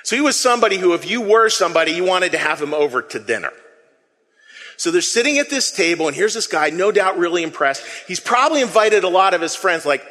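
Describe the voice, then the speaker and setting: A man preaching a sermon, telling the story in a lively way with acted quotes and asides to the congregation. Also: sits high, brisk, long reverb tail. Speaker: pastor.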